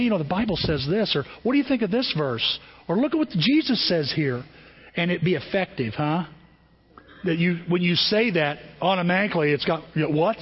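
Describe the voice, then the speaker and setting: A pastor preaching a sermon, telling everyday stories in a lively way and often restarting his phrases. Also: sits high, breathy edge, dull audio. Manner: storytelling, animated, repeats and restarts phrases.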